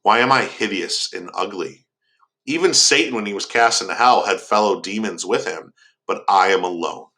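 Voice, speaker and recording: A man's voice: lowish voice, normal speed, bright, forceful tone. A man voicing a lonely, anguished male creature in a casual classroom retelling of a novel. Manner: pleading, questioning.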